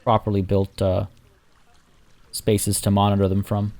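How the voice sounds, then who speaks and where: A man with a lowish, mellow voice hosting a let's play video. He chats loosely while playing a zoo-building game, wandering off on tangents and correcting himself as he goes, with plenty of fillers along the way. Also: monotone, unhurried. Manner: rambling, chatty, self-correcting with fillers. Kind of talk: casual gameplay commentary.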